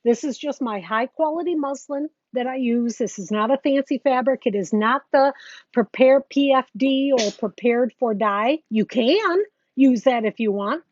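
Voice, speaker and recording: A woman with a high-pitched voice teaches quilting in a live demonstration, chatting casually as she works and greeting viewers. There's no room sound, and the recording is dull and lo-fi with faint noise.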